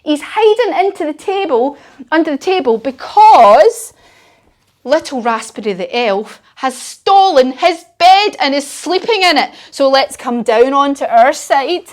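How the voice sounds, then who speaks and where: A woman's voice: sits high, animated, a little slow. A woman leading a children's yoga class, telling a playful story and cheering the kids on. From United Kingdom.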